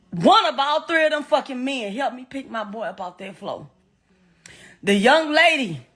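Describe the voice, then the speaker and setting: A woman's voice: a little high, a bit bright. A middle-aged woman with a Southern US accent, telling a raw, profane and distressed personal account as a grieving mother. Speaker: mother of the deceased, interviewee.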